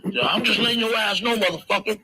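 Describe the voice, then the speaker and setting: A man's voice: high voice, fast talker, sharp tone, breathy edge, voice pushed up, heavily acted. A man putting on the voice of an angry, swaggering older man who curses and makes threats. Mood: threatening. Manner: profane, menacing.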